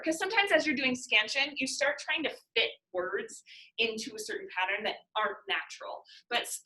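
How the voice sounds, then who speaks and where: A woman's voice: fairly high pitch, pushed and bright, reverberant, rough recording. A woman teacher explaining a lesson to students in a classroom, patient and using everyday examples.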